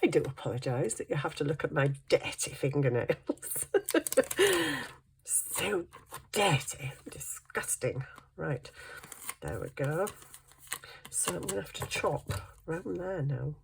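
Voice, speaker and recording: A woman's voice: low voice, lively intonation, unhurried, vocal fry, slight background noise. A middle-aged woman, chatting casually and thinking aloud as she works on a craft project. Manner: chatty, thinks aloud while working, self-deprecating. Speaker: craft vlogger. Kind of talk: casual chat while crafting.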